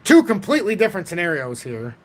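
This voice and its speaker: A man in his forties hosting a casual livestream about crypto charts, talking in an excitable, rambling way from home. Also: sits high, fast. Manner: rambling, excitable, self-taught trader talk.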